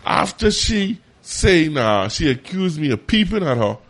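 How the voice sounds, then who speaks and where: A man telling a story in casual chat, animated and profane. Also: measured pace. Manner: animated, profane, jumps high when quoting. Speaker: podcast co-host.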